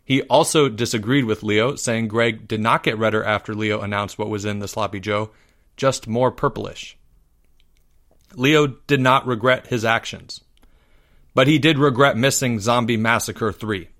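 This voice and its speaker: Steady male podcast storyteller. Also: medium pitch. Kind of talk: storytelling reading.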